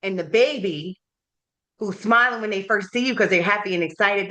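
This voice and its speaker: A woman's voice: medium pitch, moderate pace, sharp tone. A woman in her thirties hosting a candid conversation, telling personal stories in a reflective, emotional way. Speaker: podcast host.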